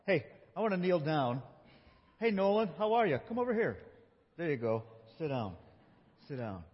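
A man's voice: fairly high pitch, normal speed, slightly rough. A male pastor giving a playful children's sermon, guiding kids as they act out a scripture story. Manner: playful, animated, talks with children. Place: church sanctuary. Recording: dull recording in a big reverberant church.

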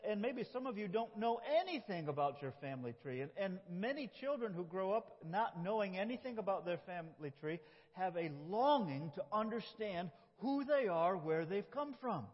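High-voiced pastor in echoing hall. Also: male voice, expressive, normal speed. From upstate New York. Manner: folksy, self-deprecating, laughs often. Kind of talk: sermon. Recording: dull lo-fi sound with long hall reverb.

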